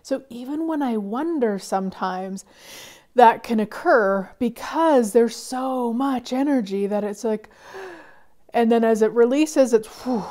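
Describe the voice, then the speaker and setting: A woman hosting a self-help talk show, speaking gently and encouragingly, often dropping into soft whispers and sighing as she goes. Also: on the high side, a little slow. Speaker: podcast host. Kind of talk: coaching talk.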